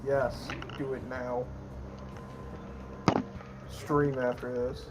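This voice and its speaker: A man's voice: medium pitch, little pitch movement, extremely slow, noisy background. A man in casual voice-call chat, playfully goading a friend.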